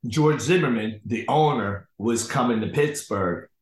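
A man's voice: medium pitch, unhurried, a little hiss or hum. Man telling a story in a roomy room. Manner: animated storyteller acting out the people in his stories. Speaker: podcast guest. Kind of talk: casual conversational storytelling.

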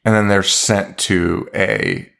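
A man's voice: low-pitched, very animated, slow pace, creaky, a bit bright. A man co-hosting a podcast, recapping a bad horror movie in casual chat, swearing freely and laughing often. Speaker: podcast co-host.

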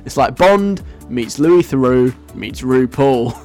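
Casting a joking, chatty man as a radio host, mid-pitched, faint music underneath. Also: lively intonation, takes it slowly, a little mellow. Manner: playful, rambling, chuckling. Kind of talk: casual radio chat.

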